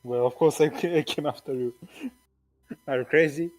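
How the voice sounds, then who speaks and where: A man's voice: fairly high pitch, moderate pace, a little mellow. A man playing his character in a tabletop game, talking in a casual, reassuring way. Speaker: player. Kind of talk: in-character role-play.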